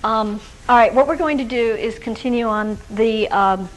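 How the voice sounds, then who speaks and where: A woman's voice: on the high side, moderate pace, slight background noise, rough recording. A woman presenting a workshop lecture to social workers, talking in a conversational way with fillers and restarts. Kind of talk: recorded workshop lecture with personal anecdotes. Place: lecture room with a live audience.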